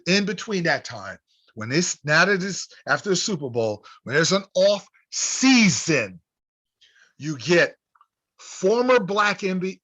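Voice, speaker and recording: Male sports talk host, punchy and insistent, bright cutting voice. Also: medium pitch. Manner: emphatic, repetitive rallying delivery. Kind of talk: opinion monologue.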